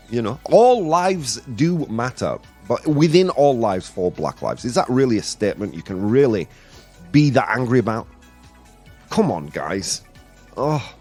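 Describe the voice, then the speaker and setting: A man's voice: medium pitch, big pitch swings, normal speed, darkish tone, faint music behind. A male show host giving live commentary on the news, exasperated and ranting, stopping to read viewer comments aloud.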